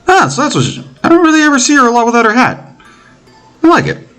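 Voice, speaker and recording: Young man streaming, animated voice. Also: very high-pitched, quick pace, clean tone, faint music behind. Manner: reacts briefly between lines. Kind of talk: reading game dialogue aloud on stream.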